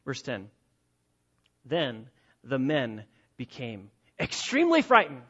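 A man preaching an expository sermon, emphatic and repetitive, swinging between loud and quiet. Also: mid-range voice, wildly swooping pitch, slow pace, husky, highs cut off.

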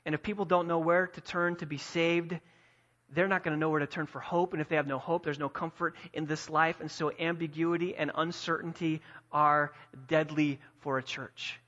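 A man preaching a sermon as pastor, emphatic, building to forceful peaks and dropping low again. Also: level tone, moderate pace, lo-fi sound. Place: church sanctuary.

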